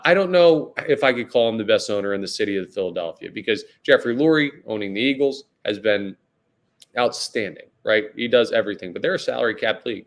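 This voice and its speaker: A man's voice: fairly low pitch, fairly bright tone. Casual chatty man hosting a sports podcast. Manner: casual, rambling, says "guys" and "like" a lot. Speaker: podcast host. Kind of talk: solo sports podcast talk.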